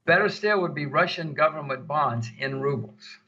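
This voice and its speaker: A man's voice: on the high side, moderate pace, pushed and bright. An older man answering interview questions emphatically, repeating words for stress, on dull lo-fi audio. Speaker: interview guest.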